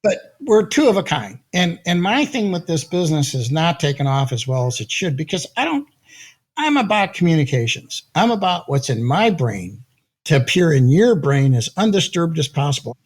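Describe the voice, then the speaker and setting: Husky, lively older man telling stories. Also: on the high side, normal speed. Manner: lively anecdotes, acts out quotes, laughs often. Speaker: guest, audio company founder. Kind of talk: animated storytelling in conversation.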